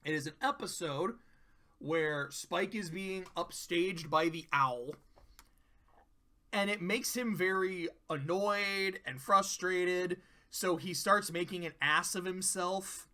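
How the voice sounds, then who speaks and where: A man's voice: high voice, takes it slowly, sharp tone. A man reviewing cartoon episodes in a casual, rambling way, frank and profane, with many fillers.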